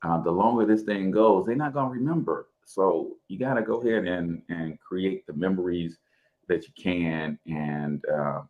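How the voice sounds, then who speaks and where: A man's voice: deep voice, normal speed, muffled recording. A man from St. Louis with a local accent, talking in a casual podcast, reflective and hesitant, with many fillers and restarts.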